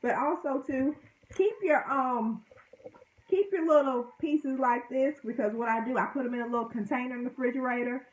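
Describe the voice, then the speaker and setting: A woman's voice: high voice, fairly even intonation, brisk, hardly any pauses, echoey room, poor audio. A woman making a casual home cooking vlog, chatting to her viewers in a self-deprecating way as she cooks in her kitchen.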